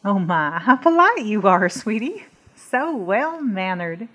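Actress as a sweet older church lady, lively sing-song voice, syrupy endearments, radio drama. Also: medium pitch, slow pace, exaggerated voice. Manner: sugary, calls the visitor dear and honey. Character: sweet older woman, a doting churchgoing hostess. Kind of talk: audio drama acting.

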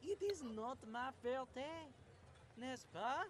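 A man's voice: very high-pitched, expressive, slow, very noisy, full character voice. An actor playing a fussy male chocolatier who puts on a fake French accent in an audio drama. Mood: complaining. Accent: put-on French.

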